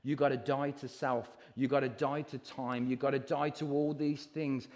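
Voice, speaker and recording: A man preaching a sermon with passion, his voice climbing toward shouts at its peaks. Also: medium pitch, level tone, normal speed. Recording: hall reverb.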